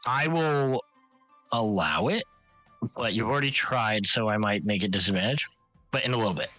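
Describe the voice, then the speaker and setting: A man's voice: on the low side, normal speed, no room sound, soft background music, poor audio. A man running a tabletop game, narrating casually with many fillers. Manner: relaxed, filler-heavy, improvising. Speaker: game master.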